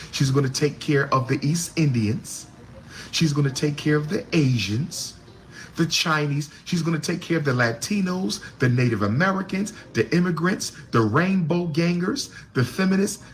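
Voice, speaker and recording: A man's voice: fairly high pitch, moderate pace, slight background noise. A man giving impassioned political commentary as a panelist, repeating his points emphatically and throwing out rhetorical questions.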